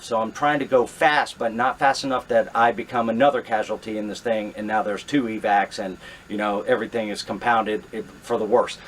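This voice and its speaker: A middle-aged man telling a true story to camera, animated and reenacting his own thoughts, with frequent fillers and restarts. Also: on the low side, fairly quick, few pauses, slight background noise.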